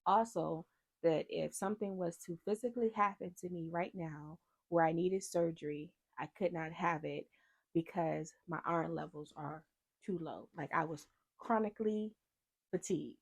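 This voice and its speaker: A woman speaking in a lower register with a gravelly, fry-laced edge, telling her own story to camera in casual vlog talk. She is animated and slips into the voices of the people she quotes. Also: normal speed. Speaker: vlogger.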